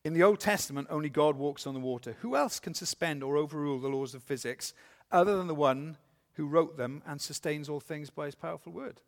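A man preaching a sermon, earnestly asking the congregation questions and reading scripture slowly with emphasis. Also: fairly high pitch. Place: church. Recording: long hall reverb.

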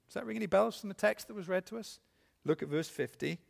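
A man preaching a sermon, earnestly asking the congregation questions and reading scripture slowly with emphasis. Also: high-pitched, creaky. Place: church. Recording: long hall reverb.

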